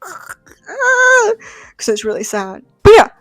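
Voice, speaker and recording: A woman's voice: medium pitch, steady tone, normal speed, no echo. A young adult woman casually breaking down a comic book. She rambles and talks in a chatty way, full of fillers and "like.". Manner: enthusiastic and chatty.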